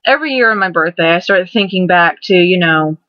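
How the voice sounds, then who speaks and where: Fairly low-pitched and a little fast, this young woman vlogger rambles through a casual monologue, excitable and prone to repeating and restarting words. The lo-fi recording is dull and dry, without any room sound.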